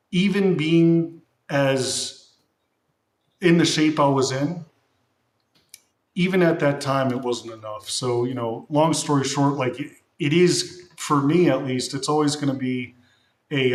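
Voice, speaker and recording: Male streamer, casual rambling chat, roomy echo. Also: mid-range voice. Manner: rambling, self-reflective, many restarts. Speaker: streamer and bodybuilder. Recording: echoey room.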